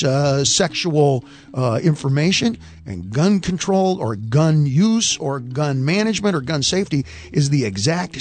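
A man performing a stand-up comedy rant, animated and opinionated, often mimicking other people's voices. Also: on the high side.

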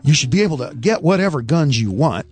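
A man performing a stand-up comedy rant, animated and opinionated, often mimicking other people's voices. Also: on the high side, fast talker, slightly rough, soft background music.

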